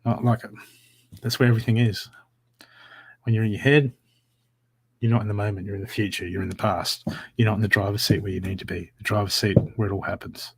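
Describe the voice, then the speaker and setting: A man giving live psychic readings from home, talking in an animated, encouraging way with a lot of repetition. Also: on the low side, fairly quick, gravelly, long pauses, husky. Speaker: psychic reader. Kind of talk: live-streamed spiritual reading.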